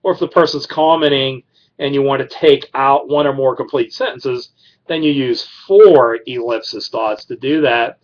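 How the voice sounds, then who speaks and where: A man's voice: mid-range voice, normal speed, lo-fi sound. A man giving an informal classroom lecture on criminal justice writing, rambling with many fillers and restarts.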